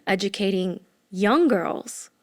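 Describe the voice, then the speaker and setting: A woman in her thirties talks openly as a podcast guest, her voice sitting in an ordinary middle pitch. She rambles emotionally and leans on "like" as she goes. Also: expressive, takes it slowly. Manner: emotional, rambling with many "like" fillers. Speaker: podcast guest, former entrepreneur. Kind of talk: candid conversational storytelling.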